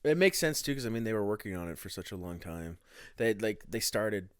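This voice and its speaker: A young man co-hosting a music podcast, telling stories with laughs and animated impressions. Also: lowish voice, fairly quick, smooth, no room sound, studio quality. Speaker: podcast co-host. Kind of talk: casual chat about music.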